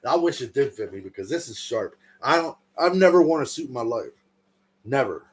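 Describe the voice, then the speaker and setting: A man's voice: medium pitch, animated, fairly quick, slightly rough. A man in his thirties chatting casually and joking on his own livestream, swearing and laughing often. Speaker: livestream host.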